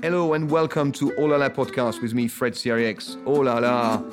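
A man's voice: medium pitch, a little fast, loud music behind the voice. A man with a French accent hosting a podcast, talking in an enthusiastic, lyrical way. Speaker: podcast host. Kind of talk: podcast interview and read ad.

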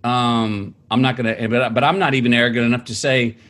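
A man guest telling stories about his family in a halting, searching way, often starting over, then jumping into lively quoted voices. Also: mid-range voice. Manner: halting, many restarts, animated quoting of family. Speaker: interview guest, author. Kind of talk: conversational storytelling.

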